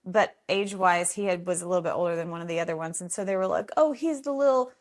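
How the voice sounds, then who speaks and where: A woman telling stories from the foster home she runs, conversational and animated, voicing other people in the story with sudden jumps in pitch. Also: fast talker. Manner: animated, acts out quotes with big pitch jumps.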